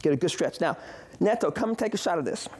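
A man's voice: high voice, expressive, fast, husky. A man leading a live stretching demonstration, coaching upbeat with short repeated cues. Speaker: fitness instructor.

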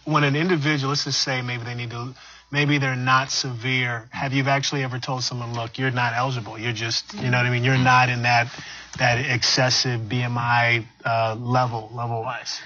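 A man's voice: medium pitch, level tone, normal speed, bright, forceful tone, lo-fi sound, a little hiss or hum. A male talk show co-host asking the guest questions, rambling and searching for his words as he goes.

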